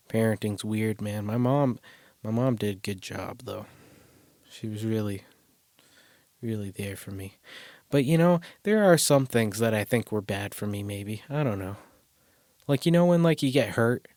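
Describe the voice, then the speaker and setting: A man's voice: lowish voice, moderate pace, darkish tone, dry recording, studio quality. A man hosting a solo podcast from a closet, talking in a rambling, crude, self-deprecating way and swearing a lot. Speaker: podcast host. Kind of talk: casual solo podcast monologue. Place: small closet.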